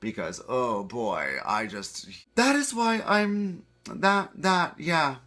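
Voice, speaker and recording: A hoarse man from eastern Ontario, delivering a comedic monologue with quick self-deprecating asides. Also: on the high side, lively intonation, sharp tone. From eastern Ontario, Canada.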